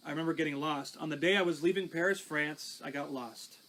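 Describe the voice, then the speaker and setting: A man's voice: on the high side, brisk, a bit bright, poor audio. A pastor telling his life testimony in a conversational, storytelling way. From Canada. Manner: conversational, recounting with small restarts.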